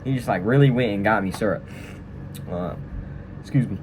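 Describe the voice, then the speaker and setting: A man's voice: on the low side, normal speed, noisy background. A young man telling a story casually and walking through a tutorial, rambling with lots of fillers and tag questions. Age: young adult. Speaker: vlogger. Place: room at a training school.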